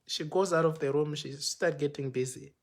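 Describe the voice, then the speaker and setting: A man telling his own story live over a phone, his voice sitting a little higher than most men's. He plays out the exchanges he recounts, rising and quickening when he quotes others. It is a casual, unscripted account. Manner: animated retelling, acting out quoted exchanges. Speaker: pastor. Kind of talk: personal storytelling on a livestream. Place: home, speaking to a phone for a live video. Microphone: phone microphone.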